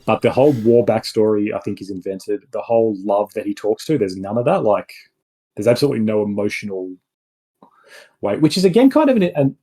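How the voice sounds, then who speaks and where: A man's voice: on the low side, lively intonation, a little fast, mellow, breathy edge, poor audio. A man co-hosting a film review podcast, talking in a rambling, casual way with many restarts and asides. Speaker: podcast co-host.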